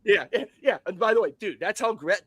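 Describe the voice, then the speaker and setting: Guy co-hosting a live show, slightly high voice, bright, casual, swears a lot. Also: expressive, fairly quick, no room sound. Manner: laughs often, swears casually. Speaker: co-host.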